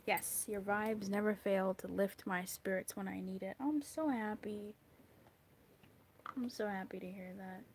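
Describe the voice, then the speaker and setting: A bubbly, talkative woman with a voice of middling pitch, chatting with viewers while she reads tarot. She sometimes drops into a whisper for an aside. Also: fairly even intonation, a little slow, a little mellow, slight background noise. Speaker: tarot reader. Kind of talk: chatty live tarot reading.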